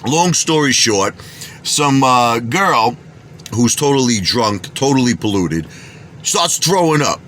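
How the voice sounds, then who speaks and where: A man's voice: mid-range voice, a little slow, slight background noise. A man from Bensonhurst with a Brooklyn accent, telling a boastful story with street talk and oaths that he doesn't lie. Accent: Brooklyn New York. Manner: animated, street-talking, swears he doesn't lie. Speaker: vlogger.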